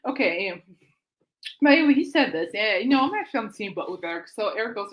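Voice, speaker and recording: A woman's voice: medium pitch, animated, fast talker. A woman hosting her own music chat show, rambling in a casual monologue and often laughing and getting sidetracked. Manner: chatty, self-deprecating, easily sidetracked.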